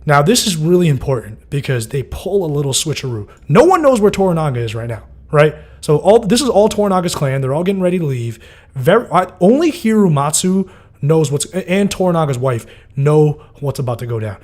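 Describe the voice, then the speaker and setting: A man's voice: on the high side, sing-song, fairly quick, a little mellow. A man giving a loose, casual breakdown of TV episodes, full of fillers and swearing. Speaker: TV show recapper.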